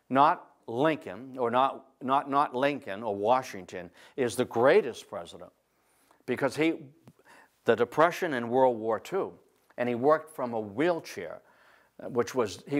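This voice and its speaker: A man lecturing on history to an audience, telling it as a lively, digressive story. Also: mid-range voice. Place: library event room.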